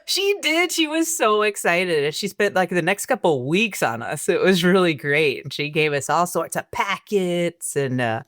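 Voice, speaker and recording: A woman with a fairly low voice chats as a guest farmer, telling long stories and laughing often. The sound is dry and close, with no room around it. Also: dry recording. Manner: chatty storyteller who laughs often. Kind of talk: casual podcast conversation.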